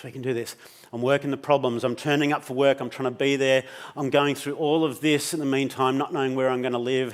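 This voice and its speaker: A middle-aged Australian man giving a personal storytelling talk on stage, intense and emotional, swearing freely. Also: mid-range voice. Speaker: keynote speaker.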